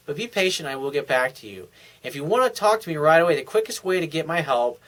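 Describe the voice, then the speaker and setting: A man's voice: on the high side, sing-song, quick pace, a bit bright, rough recording. A man giving blunt, profane relationship advice in a solo talk, acting out sample lines for the listener. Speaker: relationship coach.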